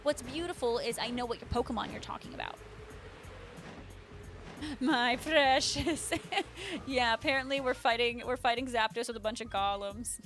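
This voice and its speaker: A woman hosts a live stream, chatting casually with viewers, laughing often and replying to them by name. Her voice is a little high and a bit bright, she speaks at a moderate pace with frequent pauses, and faint music plays behind her.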